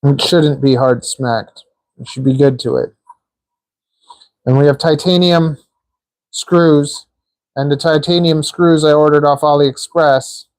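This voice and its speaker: A man's voice: fairly high pitch, fairly even intonation, unhurried, pauses often, no room sound. A man hosting a live stream, chatting casually and joking while he assembles small parts, rambling with lots of filler words. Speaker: livestream host building a drone.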